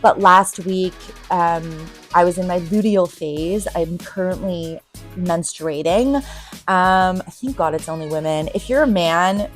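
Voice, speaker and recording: A woman's voice: on the low side, takes it slowly, soft background music. A woman in her forties hosting a casual solo podcast as a recovery coach, talking in a candid, rambling way with frequent ums.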